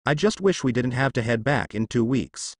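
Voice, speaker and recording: Man reading a tender, earnest young male ninja; lively pitch, dry sound. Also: moderate pace, dry recording, natural voice.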